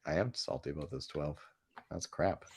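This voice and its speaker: A man co-hosting a casual podcast, animated and quick to laugh. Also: a bass voice, slightly rough. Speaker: podcast co-host. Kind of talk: casual chat.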